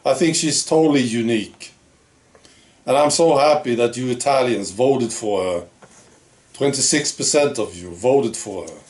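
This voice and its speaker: A man's voice: mid-range voice, unhurried, darkish tone. A man hosting his own opinion vlog, talking in a blunt, sarcastic, plain-spoken way. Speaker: channel host.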